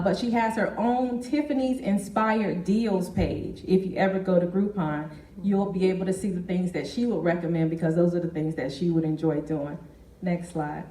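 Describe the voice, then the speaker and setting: A woman giving a keynote business presentation, speaking in a measured way and addressing the audience directly. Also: mid-range voice, mellow. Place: meeting hall. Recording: echoey hall from far off.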